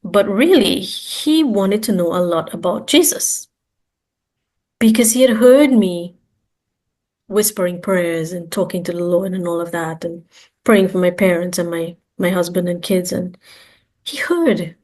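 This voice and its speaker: A woman's voice: fairly low pitch, a little slow, darkish tone. A woman guest giving an earnest, emphatic personal testimony and repeating words for stress. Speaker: interview guest.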